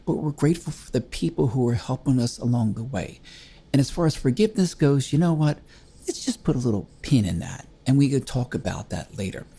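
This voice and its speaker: A man's voice: medium pitch, dark tone, slightly rough. An older man, a grieving widower, hosting a reflective talk on grief in an earnest, conversational way, retelling little anecdotes. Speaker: host.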